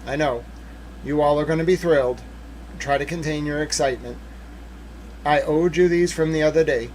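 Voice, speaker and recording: A man's voice: on the high side, a little hiss or hum. A man hosting a casual livestream, talking through documents and joking playfully with his chat. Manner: chatty, playful, emphatic when excited. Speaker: livestream host.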